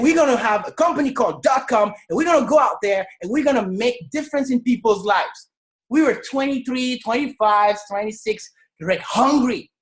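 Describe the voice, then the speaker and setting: A woman in her thirties from Senegal giving an energetic, emphatic motivational testimony on a video call, often raising her voice to tell her story. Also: a little high, rough recording. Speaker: network marketing leader.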